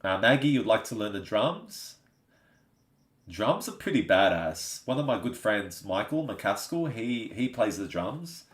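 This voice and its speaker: A man's voice: fairly low pitch, sing-song, measured pace. Laid-back Australian man, echoey room. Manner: chatty, laid-back, says "you know what I mean" often. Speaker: live stream host. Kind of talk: casual live-stream chat reading viewer comments.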